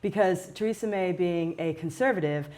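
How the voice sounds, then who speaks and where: A woman's voice: on the low side, normal speed, darkish tone. A middle-aged American woman, a teacher, answering interview questions in a chatty way with many fillers. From United States.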